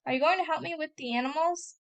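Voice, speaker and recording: An eager young farm boy, pushy and pious, always begging and scolding in a high, bright voice, as a woman reads him aloud from a novel. He sounds like a storybook child. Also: quick pace.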